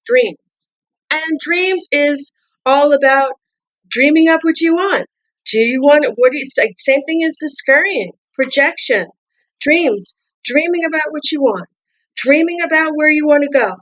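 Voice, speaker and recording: A woman with a high-pitched, slightly bright voice speaks a little slowly while doing a casual tarot reading, heard through dull audio. She has a non-native English accent and keeps repeating herself, restarting words, and asking coaxing questions.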